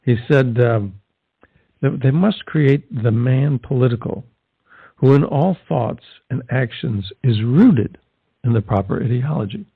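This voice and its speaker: Fervent male evangelist host, husky, dry narrow phone-like sound. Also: mid-range voice, animated, a little slow, no room sound. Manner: fervent, full of rhetorical questions. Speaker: Catholic evangelist presenter. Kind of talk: podcast commentary. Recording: tinny phone-like line, dry.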